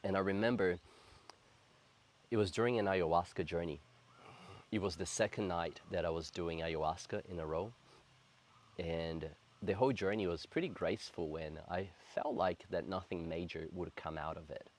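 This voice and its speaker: Low-voiced earnest man in his thirties. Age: 30s. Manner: earnest, reflective, slow and heartfelt. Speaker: spiritual coach. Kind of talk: personal spiritual storytelling to camera.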